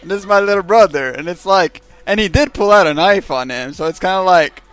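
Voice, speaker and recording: A man's voice: high-pitched, brisk, fairly bright tone, smooth, dry recording, faint music behind. A man telling a rambling, profanity-heavy story on a stream. He keeps checking in with his listeners by asking "right?". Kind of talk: casual storytelling.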